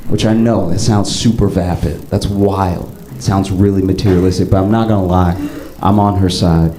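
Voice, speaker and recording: A male stand-up comedian telling stories with animated swings up into excited bits, on a comedy club stage. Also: moderate pace, reverberant, slight background noise, poor audio. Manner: animated storytelling, jumps up high into excited bits.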